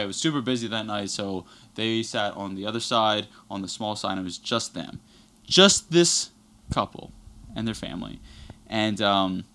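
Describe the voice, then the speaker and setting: A man's voice: lowish voice, pushed and bright. Profane rambling young man. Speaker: podcast guest telling a work story. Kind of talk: casual chat.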